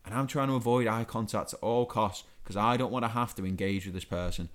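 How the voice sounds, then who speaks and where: Fairly low in pitch and fairly quick, a young podcast co-host delivers a casual comedic rant, exasperated and stumbling over words he repeats.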